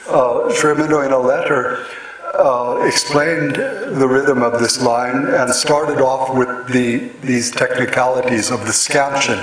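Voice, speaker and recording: A man giving a lecture on poetic rhythm, explaining patiently with pauses and fillers, recorded in a hall before an audience. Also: medium pitch, a crowd in the background. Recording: echoey hall, voice from far off, audience present.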